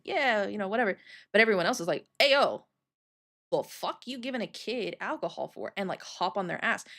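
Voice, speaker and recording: A woman in her thirties chatting casually on a livestream, telling stories with lots of swearing and quick restarts. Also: medium pitch. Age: 30s. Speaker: streamer.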